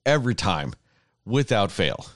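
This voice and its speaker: A man's voice: fairly low pitch, sing-song, measured pace, a bit bright, dry recording, studio quality. A man in a casual chat, ranting emotionally with heavy swearing and laughing between his words.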